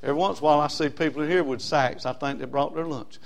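Folksy preacher, high voice. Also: male voice, steady tone, rapid-fire, vocal fry. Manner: folksy preaching, swings from loud emphasis to low asides. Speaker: pastor. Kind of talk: sermon.

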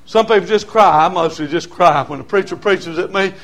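Older pastor, gravelly voice; folksy sermon, quiet stretches breaking into shouts. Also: male voice, sits high, a little fast, hardly any pauses.

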